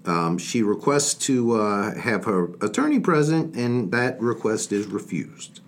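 A man's voice: lowish voice, measured pace. A man co-hosting a true-crime podcast, rambling through the story with jokes. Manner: rambling, jokey, lively storyteller. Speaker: podcast co-host.

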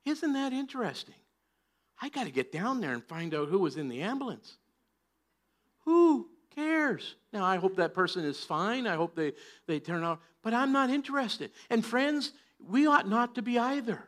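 A man preaching a sermon in church, joking and chatty at times and then rising to loud, emphatic preaching. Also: sits high, big pitch swings, normal speed. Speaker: pastor.

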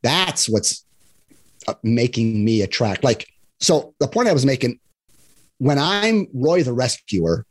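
A man with a mid-range voice speaks slowly and very animatedly, pausing often. As a divorce and love coach in a casual podcast chat, he earnestly explains his ideas, acts out examples in other voices, and repeatedly checks in with "right?"

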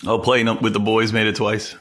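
A man co-hosting a podcast in casual, joking chat, his voice climbing when he rants. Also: normal speed. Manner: animated, joking, rises in pitch when ranting. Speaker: podcast co-host.

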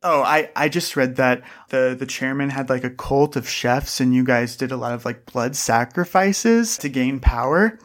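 A man's voice: mid-range voice, normal speed, hardly any pauses, fairly bright tone. A man narrating a tabletop game as game master in a laid-back, chuckling way.

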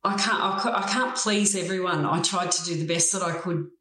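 A middle-aged Australian woman, a guest telling her own story in a frank, plain-spoken and steady way. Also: on the low side, a little fast. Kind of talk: personal story in a conversation. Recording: roomy echo.

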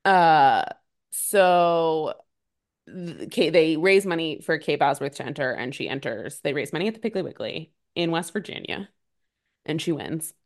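A woman co-hosting a podcast, recapping a movie in casual chat with quick, sarcastic asides. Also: sits low. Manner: animated, sarcastic, fast recapping with many "like"s. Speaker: podcast co-host.

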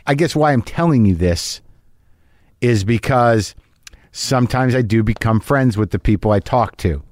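Male podcast host, casual and rambling, self-mocking, mid-pitched, dry close mic. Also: darkish tone, no echo. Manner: rambling, self-deprecating, many fillers and restarts. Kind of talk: casual chat.

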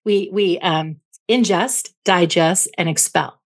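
A woman's voice: lowish voice, slow. A woman clinical psychologist as an interview guest, explaining emotions through everyday analogies and checking in with "right?" as she goes. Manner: teaching through analogies, tags points with "right?".

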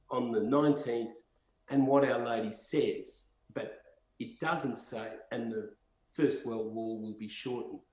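A man's voice: mid-range voice, a little mellow. Impassioned man telling stories in an echoey room. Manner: rambling, impassioned storyteller. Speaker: podcast guest. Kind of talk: storytelling conversation. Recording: roomy echo.

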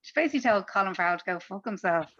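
A woman's voice: medium pitch, rapid-fire, slightly rough, no room sound, dull audio. A woman with an Irish accent, a comedian chatting casually in an interview and acting out the people in her stories. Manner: lively storytelling, acts out the people she quotes. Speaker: comedian guest.

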